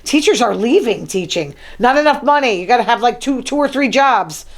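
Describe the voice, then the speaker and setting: A woman's voice: a little high, animated, normal speed. A woman hosting her own talk show, reading news items from her notes and adding chatty, wry asides. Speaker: show host. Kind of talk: casual solo talk show monologue.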